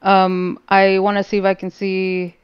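Woman player thinking out loud, smooth voice, dull lo-fi online chat. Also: medium pitch, monotone, unhurried, dry recording. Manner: questioning, thinking aloud. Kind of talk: playing a tabletop game.

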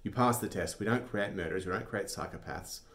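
Guy playing a brisk low-voiced spy instructor, talks fast to calm people down. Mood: reassuring. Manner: brisk, reassuring, slightly raised.

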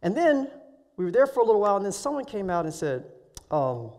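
High-voiced man telling a story in a reverberant hall. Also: very animated, darkish tone. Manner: emotional, halting retelling with many restarts. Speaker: guest speaker. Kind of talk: sermon storytelling. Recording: live hall recording with long reverb.

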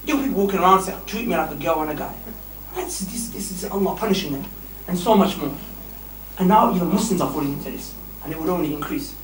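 A man preaching a lively sermon to young men, emphatic and animated, often laughing mid-sentence. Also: high voice, fast. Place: mosque hall. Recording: echoey hall, distant mic, faint hiss.

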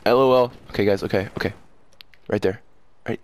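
A teenage boy commenting on his own gameplay for a video channel, excitable, laughing and yelling at the game. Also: mid-range voice, fast, a little hiss or hum. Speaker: gaming YouTuber.

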